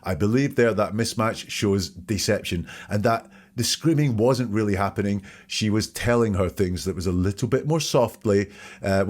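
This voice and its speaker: A man hosting a podcast, methodically picking apart the wording in another person's statements. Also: on the low side. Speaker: podcast host. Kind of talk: analytical commentary.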